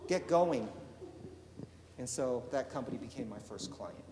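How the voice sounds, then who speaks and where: A man from eastern Oregon telling a lively business story to an audience, acting out the dialogue. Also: medium pitch, brisk, noisy background. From eastern Oregon, USA. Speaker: entrepreneur giving a talk. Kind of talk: storytelling keynote speech. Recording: reverberant hall with faint ambience.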